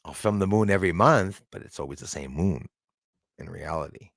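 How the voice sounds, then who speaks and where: Excitable middle-aged man chatting live. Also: low-pitched, brisk, gravelly, no echo, studio quality. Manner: excitable, thanks viewers by name; swears when angry. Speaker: live stream host. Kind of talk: casual live stream chat.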